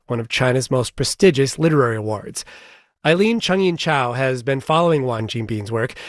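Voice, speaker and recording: A man interviewing a guest for a news program, asking measured, curious questions. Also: mid-range voice, no echo, clean studio sound. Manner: measured, inquisitive. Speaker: radio interviewer.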